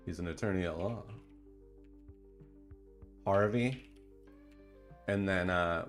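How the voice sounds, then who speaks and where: A man hosting a casual livestream in a laid-back, slangy way that turns excited at times. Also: low voice. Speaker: streamer and dungeon designer.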